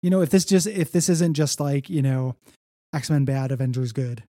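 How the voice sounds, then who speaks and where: A man's voice: medium pitch, fairly even intonation, normal speed, dark tone, dry recording, studio quality. A man co-hosting a casual comics podcast, recapping story beats in a rambling way with lots of fillers and quoted lines. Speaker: podcast co-host.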